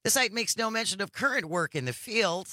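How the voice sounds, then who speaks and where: Male talk radio co-host, animated delivery, crisp bright tone, dry studio. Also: high voice, fairly quick, no room sound. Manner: lively, exclaiming agreement. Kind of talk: radio talk, reading news items and listener texts.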